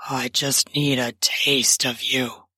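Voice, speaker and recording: A woman voicing a lustful, commanding older man, speaking in a low, husky murmur. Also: flat delivery, slow pace, bright, forceful tone, dry recording, studio quality, heavily acted.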